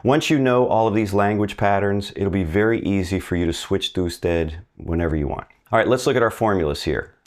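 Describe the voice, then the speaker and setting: Guy with a really deep voice running a language lesson, chatty, slows down to model phrases. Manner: upbeat, conversational, models phrases slowly; asks the learner questions and pauses for answers. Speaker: Spanish teacher.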